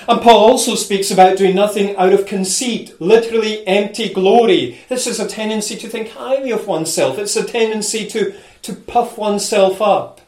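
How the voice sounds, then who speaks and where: A man's voice: high-pitched, a little mellow, roomy sound. A man preaching a sermon, stressing his points through repeated parallel phrases and speaking frankly to his listeners. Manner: repetitive, emphatic preaching in building lists.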